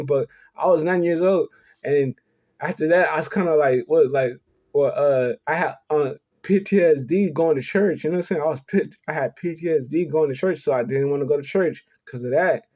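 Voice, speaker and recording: A young vlogger with a dark-toned, slightly high voice recounts a personal story in an earnest, confessional manner. He rambles, repeats himself, and returns over and over to the phrase "you know what I'm saying."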